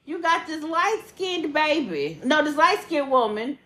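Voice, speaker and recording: A young woman co-hosts a casual podcast. She talks with loud profanity and frequent laughs, her pitch swinging widely and sitting fairly high. The recording has a noticeably roomy echo. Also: a little slow. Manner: animated, profane, laughs often. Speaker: podcast co-host. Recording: echoey room.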